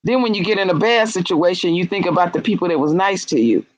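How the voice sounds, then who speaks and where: A woman telling stories in casual chat, with swooping pitch whenever she acts out what someone said. Her speech is blunt and salty, and the sound is dry and close with no room around it. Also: quick pace, no room sound, low-quality recording. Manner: animated storyteller, acts out quotes with big jumps in pitch; blunt and profane.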